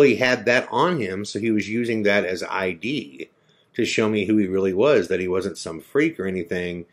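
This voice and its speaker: A middle-aged man hosting a podcast, telling a story in a lively way and acting out the people he quotes. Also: fairly low pitch. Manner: animated storyteller, acts out quoted dialogue. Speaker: podcast host.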